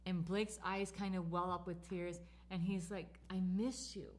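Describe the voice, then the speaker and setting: A woman's voice: fairly low pitch, little pitch movement, unhurried. A woman co-hosting a talk show, telling stories and affirming her partner. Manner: storytelling, warm affirming fillers. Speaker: co-host. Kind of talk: casual co-hosted talk.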